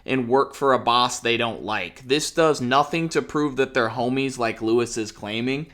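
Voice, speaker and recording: A young man tears into someone in a heated online commentary. He is sarcastic and crude, and he breaks into short mocking laughs. His voice sits at an ordinary pitch for a man. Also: normal speed, a bit bright. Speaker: commentary YouTuber. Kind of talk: ranting commentary.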